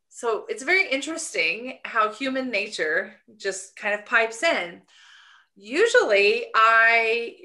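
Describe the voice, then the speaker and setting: A woman's voice: mid-range voice, bright, forceful tone. A woman, a coach and podcast co-host, talking in an earnest, searching way in a casual conversation. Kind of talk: reflective casual podcast chat.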